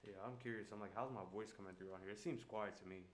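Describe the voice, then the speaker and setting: A man with a lowish voice chats with his stream viewers in a relaxed, slangy way. His desk mic picks up an echoey room and a faint hiss of background noise. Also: quick pace. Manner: laid-back, talks straight to chat with slang. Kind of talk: casual live-stream chat.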